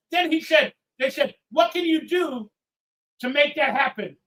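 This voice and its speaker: A tipsy man hosting a live watch-party stream, ranting and swearing, swinging from loud outbursts to low mutters. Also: lively intonation, measured pace, poor audio. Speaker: livestream host. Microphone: headphones with mic.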